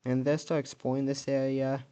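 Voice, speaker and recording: A man's voice: medium pitch, monotone, moderate pace, dark tone, smooth. A man casually narrating an alternate-history map video, thinking aloud and correcting himself as he goes.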